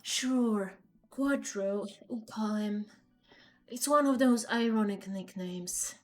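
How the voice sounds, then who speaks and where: A woman's voice: mid-range voice, slow, soft background music, close to an everyday voice. A woman voicing a dry, matter-of-fact middle-aged woman who works at a dog shelter. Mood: deadpan.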